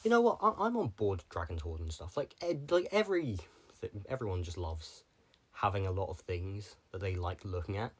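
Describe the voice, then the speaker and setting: A man's voice: deep voice, sing-song, normal speed. A young man talking casually to the camera, rambling from one tangent to the next with lots of filler words. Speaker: vlogger.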